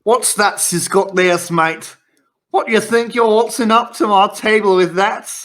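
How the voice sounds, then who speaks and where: A man's voice: sits high, unhurried, a bit bright, voice pushed up. A man playing a sly, flirtatious gambling-table dealer who talks in a smarmy, teasing way.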